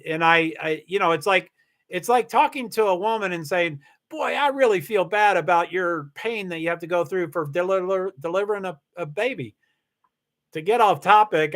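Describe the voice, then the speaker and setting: A middle-aged man hosting a casual livestream, talking in a rambling, halting way with many restarts and fillers, candid and confessional about his life. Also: high-pitched, fairly bright tone. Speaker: livestream host. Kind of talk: casual personal livestream talk.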